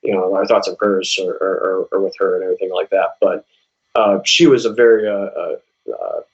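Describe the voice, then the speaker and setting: A man, a musician guest, telling stories in a casual interview, animated and full of restarts, jumping high when he acts out what people said. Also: a little fast, dull audio.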